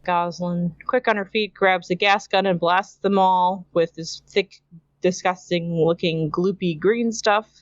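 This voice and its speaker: A Canadian woman with a lowish, steady voice recaps a cartoon episode at a measured pace on her podcast, keeping it casual and chatty. She laughs often and does character impressions when quoting, and the audio is dull with no echo.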